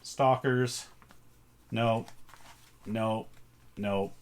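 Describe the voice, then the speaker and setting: A man's voice: on the low side, fairly even intonation, drawn-out words. A man casually chatting through a thrift haul, thinking aloud as he sorts items. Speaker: reseller showing a thrift haul. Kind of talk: casual vlog chat.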